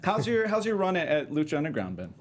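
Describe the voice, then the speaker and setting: A man hosting an interview, asking curious, relaxed follow-up questions. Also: on the high side, quick pace, slight background noise. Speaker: podcast host. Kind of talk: casual interview chat.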